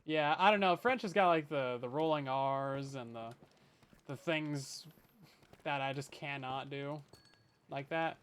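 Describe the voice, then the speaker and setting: A man's voice: mid-range voice, a little slow, a bit bright, a little hiss or hum. A young man from Canada streaming a survival game, chatting with viewers in a jokey, self-deprecating way from his bedroom. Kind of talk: casual gameplay commentary. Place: hot bedroom.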